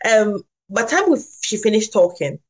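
A woman who is a family doctor and parenting coach, speaking reflectively in a podcast and telling a personal story with pauses. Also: mid-range voice, big pitch swings.

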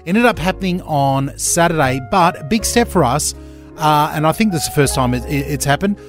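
A man hosting a breakfast radio show, upbeat and quick to laugh. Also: on the high side, expressive, soft background music. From Australia. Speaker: radio host. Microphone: studio mic.

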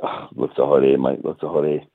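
A man's voice: extremely low pitch, little pitch movement, a little fast, slightly rough, no room sound. A laid-back man with an Australian accent chatting about fitness over the phone. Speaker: fitness guest. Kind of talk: casual phone chat. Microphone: phone line. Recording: tinny phone line.

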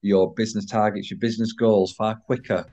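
A man with a croaky voice talking to listeners as a business coach, earnest and repetitive. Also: lowish voice, little pitch movement, brisk, dark tone, lo-fi sound, faint music behind. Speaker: podcast host, business coach. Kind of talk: solo talk to listeners.

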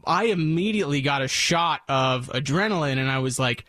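A man's voice: mid-range voice, lively intonation, a little fast, pushed and bright, dry recording, studio quality. A man hosting a radio show, telling a long self-deprecating story in casual banter. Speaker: radio host.

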